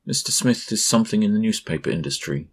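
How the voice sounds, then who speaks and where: A man's voice: lowish voice, expressive, voice pushed up. A man doing a stern formal father. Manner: formal, measured introductions. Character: stern, composed father and butler-like host.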